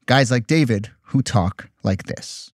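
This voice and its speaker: A man's voice: mid-range voice, measured pace, dry recording, clean studio sound. A man hosting a podcast, narrating in a wry, conversational and skeptical way. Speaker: podcast host. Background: faint music.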